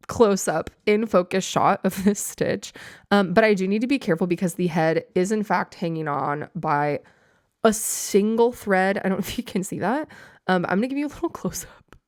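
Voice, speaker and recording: A woman's voice: mid-range voice, lively intonation, moderate pace. A young woman hosting a podcast, chatting casually and gushing over little keepsakes, with lots of "like" in her talk. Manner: bubbly, gushing, heavy use of "like". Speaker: podcast host. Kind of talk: casual chat.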